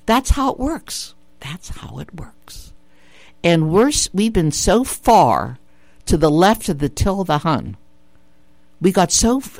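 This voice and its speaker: A woman hosts a talk radio show, voicing her opinions emphatically. Her pitch leaps and falls in a lively way, she repeats her points and tosses out rhetorical questions. The sound is dry and close, with no room echo. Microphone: studio radio mic.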